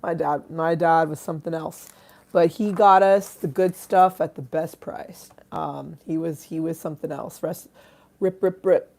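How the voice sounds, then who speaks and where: A woman's voice: low-pitched, steady tone, a little slow, creaky, darkish tone. A woman chatting casually on a live stream, irreverent and self-mocking, swearing freely while she eats and drinks.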